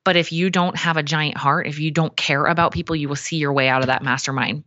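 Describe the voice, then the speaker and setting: A woman, a coach and guest, telling a story in a chatty, animated way with many fillers. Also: deep voice, fast talker, no echo, dull audio. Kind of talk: casual storytelling.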